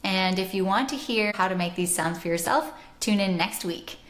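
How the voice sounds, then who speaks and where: A woman soprano teaching a music lesson, explaining pronunciation slowly and deliberately and sounding out vowels aloud. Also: medium pitch, fairly bright tone. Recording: roomy echo.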